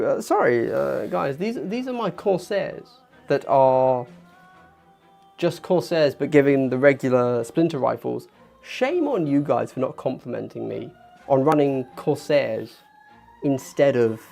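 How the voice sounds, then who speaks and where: Gravelly-voiced chatty man. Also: mid-range voice, unhurried. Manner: chatty, animated, gets worked up and self-deprecating. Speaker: livestream host. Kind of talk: casual hobby livestream chat. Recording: faint background music.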